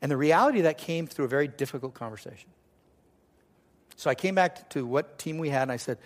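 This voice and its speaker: Animated preaching man, fairly high voice. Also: fast talker. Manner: animated storytelling with quoted voices. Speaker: pastor. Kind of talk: sermon.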